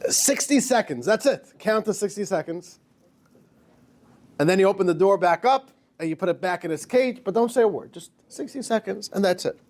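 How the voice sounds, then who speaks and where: A man's voice: high-pitched, animated, normal speed, a little mellow. Man voicing a sure-of-himself vet in a told joke, insistent and coaxing. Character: confident male veterinarian with a trick.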